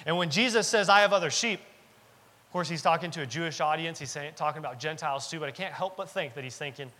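A man's voice: fairly high pitch, fast, pushed and bright. Earnest preaching man in a big hall. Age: 30s. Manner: earnest, emphatic preaching with repetition. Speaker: pastor. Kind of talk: sermon. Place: church sanctuary. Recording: long reverb of a church hall.

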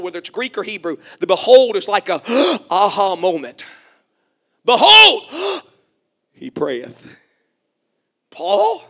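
A middle-aged man preaching a sermon. He calls for amens, jokes folksily, and swells to shouts. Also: high voice. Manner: folksy, joking asides.

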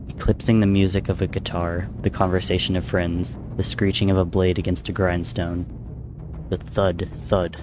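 A man reading a fan-written story aloud, narrating in a steady, measured way. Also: low-pitched, background noise.

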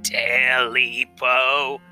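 A red, monkey-like creature of the night creeps close and drags out every word in a slow, eerie chant, demanding its stolen tail, as a man puts it on for a spoken folk tale. The voice is sharp and bright, with faint music playing underneath. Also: medium pitch, little pitch movement, heavily acted.

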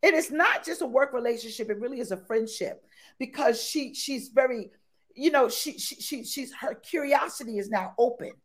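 A woman guest in an interview chat, talking exuberantly and repeating her phrases with excited bursts. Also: high-pitched, moderate pace. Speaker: podcast guest.

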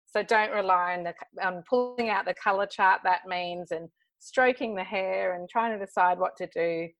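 Guesting on a laid-back podcast, an Australian hair colorist talks cheerfully and at length. She has a medium-pitched voice and a moderate pace, and the recording has no echo.

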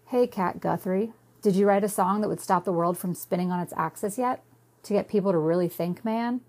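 A woman's voice: mid-range voice, brisk, a little mellow, close to an everyday voice. A woman voicing a cocky young man who talks in smug, teasing banter.

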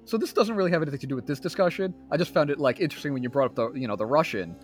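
A young man co-hosting a podcast, talking in a casual, animated way and laughing often. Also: fairly high pitch, rapid-fire, soft background music. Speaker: podcast co-host. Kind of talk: casual chat.

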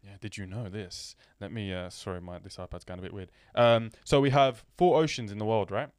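A young man co-hosting a casual podcast, talking in a laid-back way that drifts quieter. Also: lowish voice, expressive, fairly quick, clear, resonant tone, no echo, studio quality. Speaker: podcast co-host.

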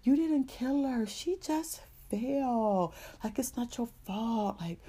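A woman voicing Teddy, a gentle male friend who comforts a boy in casual slang. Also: fairly high pitch, animated, takes it slowly, husky, pitched above the performer's own voice, exaggerated voice. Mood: reassuring.

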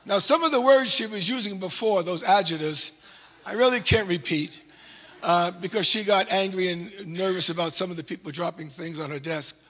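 A male pastor telling a funny personal story in a sermon, animated and self-mocking. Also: high voice, moderate pace. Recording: long hall reverb.

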